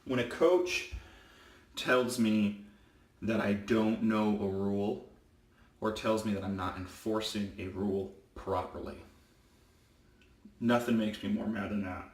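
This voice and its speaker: A man's voice: fairly low pitch, flat delivery, unhurried, pauses often, recorded from a distance. A man who works as a football referee, talking casually while shaving and getting worked up as he rants emphatically. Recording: echoey room, mic set back.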